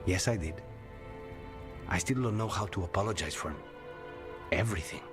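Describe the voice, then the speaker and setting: An actor playing a quiet, guarded man in a fantasy video game, speaking in a reserved, soft-spoken way. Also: sits low, moderate pace, natural voice. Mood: earnest. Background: game music.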